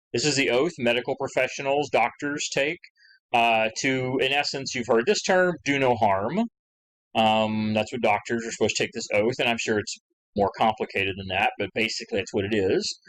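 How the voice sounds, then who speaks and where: A male history teacher lecturing in a loose, conversational way, with his pitch swinging widely as he talks. He fills the talk with asides and fillers and acts out the questions he quotes with rising emphasis. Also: a bit bright, low-quality recording. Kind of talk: recorded lecture.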